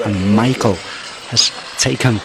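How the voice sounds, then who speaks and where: A man's voice: fairly low pitch, slow pace, vocal fry, a crowd in the background. A man from Merseyside in England reporting nervously and earnestly on a paranormal investigation inside an abandoned asylum at night. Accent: English, Merseyside. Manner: nervous, earnest, repeats phrases. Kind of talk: on-location report.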